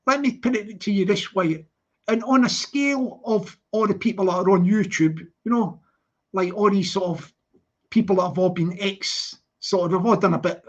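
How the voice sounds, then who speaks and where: A live commentator, rambling and repeating themselves, full of "you know what I mean". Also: mid-range voice. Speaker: livestream commentator. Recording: lo-fi livestream audio.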